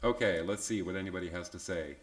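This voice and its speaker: Chatty man with a lowish voice teaching. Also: quick pace. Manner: relaxed, chatty, tag questions like "yeah?"; self-deprecating asides. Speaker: software instructor. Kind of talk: live online tutorial.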